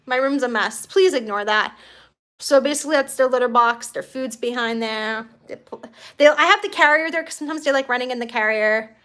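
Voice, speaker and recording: A woman's voice: a little high, fairly quick, sharp tone. A young woman hosting a casual live stream from her bedroom, chatting and reading viewer comments aloud in a bubbly, rambling way. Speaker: livestream host.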